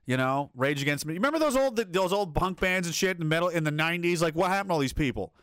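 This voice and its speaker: A man's voice: fairly high pitch, fast talker, hardly any pauses, fairly bright tone, smooth, dry recording, clean studio sound. A man hosting a livestream and reading chat aloud, riffing sarcastically with lots of swearing and laughter.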